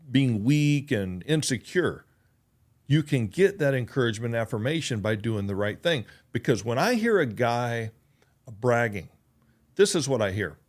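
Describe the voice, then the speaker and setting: A man hosting a motivational podcast, talking earnestly and emphatically and repeating his key points. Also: mid-range voice. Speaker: podcast host.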